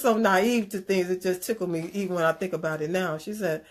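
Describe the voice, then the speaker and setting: A woman telling a personal story in a conversational talk, animated and earnest, drifting into preachy asides. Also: lowish voice, fairly quick, hardly any pauses. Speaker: speaker sharing a personal story. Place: Chicago area.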